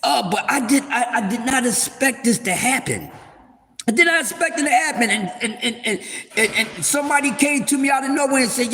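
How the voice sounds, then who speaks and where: A man hosting a casual sports talk livestream, rambling loudly with playful trash talk and shout-outs to his viewers. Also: extremely high pitch, expressive, a little fast, big-room sound, a little hiss or hum. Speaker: livestream host.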